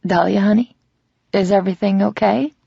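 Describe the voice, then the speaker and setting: A woman narrator voicing a caring older motherly woman who speaks softly, slowly and a little raspily, in a slightly dull, dry audiobook recording. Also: mid-range voice, fairly even intonation, dry recording. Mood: tender. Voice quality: small, slightly raspy voice. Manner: soft, slow, consoling. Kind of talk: audiobook character reading.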